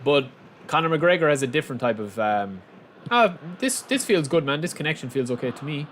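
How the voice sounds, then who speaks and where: A young man casually commentating his own football game on a live stream, chatting with viewers and bursting into shouts at big moments. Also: fairly high pitch, animated, a little fast, a little hiss or hum.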